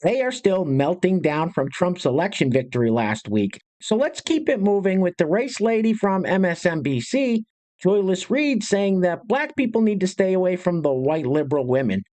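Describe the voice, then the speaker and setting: A man's voice: high-pitched, very animated, normal speed, warm tone. A man hosting a commentary video, introducing clips with sarcastic, sneering asides. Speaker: commentary channel host.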